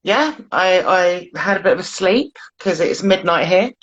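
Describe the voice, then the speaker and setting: Low-voiced British woman guest, chatty. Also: animated, unhurried, muffled recording. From United Kingdom. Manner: chatty, laughs easily, storytelling. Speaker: guest blogger. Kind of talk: casual chat.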